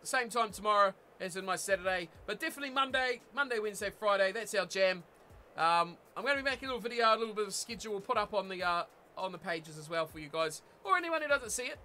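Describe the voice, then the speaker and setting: A young man commentating a rugby video game live and chatting with viewers, excitable and laughing often. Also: high-pitched, fast talker. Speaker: game streamer.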